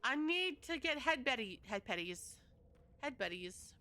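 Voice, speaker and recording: A sassy female house cat who wants petting and thinks very little of the humans around her, as a woman puts on her voice. The voice is bright and smooth, and the delivery stays slow and entitled. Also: high voice, sing-song, heavily acted. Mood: demanding. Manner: bratty, entitled.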